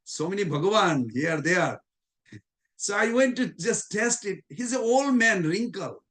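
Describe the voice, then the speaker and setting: Brief: man with a high voice, devotional class speaker, chuckling storyteller. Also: animated, a little slow, a bit bright. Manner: informal non-native English phrasing. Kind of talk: anecdotal devotional class talk.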